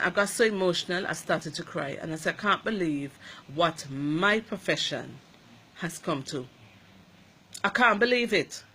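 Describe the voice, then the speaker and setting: A woman nurse with an Antiguan accent giving an emotional personal account, emphatic and animated, acting out the dialogue. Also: medium pitch.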